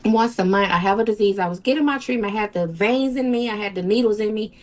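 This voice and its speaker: A woman guest in an interview, telling a personal story in a halting, emotional way and acting out what people said. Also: medium pitch. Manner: tells events with quoted dialogue, emotional, halting.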